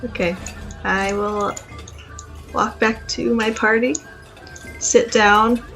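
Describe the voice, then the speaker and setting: A woman's voice: mid-range voice, steady tone, slow, a bit bright, faint music behind. A woman playing a tabletop role-playing game, casual and often laughing. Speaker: player.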